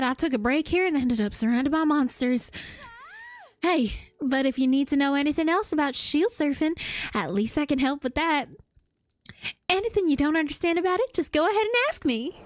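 A woman's voice: sits high, dry recording. A woman voicing a chummy game traveler with a put-on Southern US drawl, reading the dialogue aloud in a homespun way. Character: folksy game traveler rescued from monsters.

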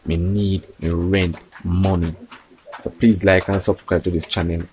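A man chatting quietly to his phone camera, keeping his voice down. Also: deep voice, flat delivery, measured pace, a little hiss or hum. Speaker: vlogger. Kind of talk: casual chat to camera.

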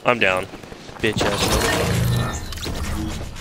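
A man's voice: medium pitch, normal speed, loud music behind the voice. A young man streaming a game, chatting casually and profanely, telling stories with lots of laughter. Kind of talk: casual gaming chat. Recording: loud background noise.

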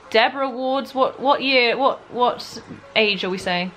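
A woman's voice: on the high side, measured pace, fairly bright tone, slight background noise. A young woman from Britain chatting casually in a vlog, talking to her puppy and to the camera. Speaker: vlogger.

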